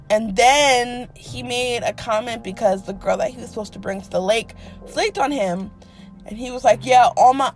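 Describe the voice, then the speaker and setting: Young woman podcast host, higher voice, animated profane storytelling, soft music underneath. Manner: animated, profane, dramatic with quoted asides. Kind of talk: casual storytelling monologue.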